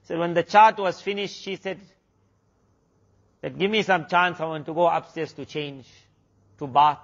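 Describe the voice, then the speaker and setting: Higher-voiced man telling a sermon story. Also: steady tone, normal speed, creaky, lo-fi sound. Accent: South African. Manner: retells a story with many quoted exchanges. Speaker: Islamic preacher.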